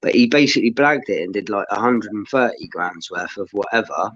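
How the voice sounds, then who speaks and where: A man's voice: lowish voice, lively intonation, fairly quick, fairly bright tone, dry recording, dull audio. A man in casual banter, telling rambling anecdotes full of swearing.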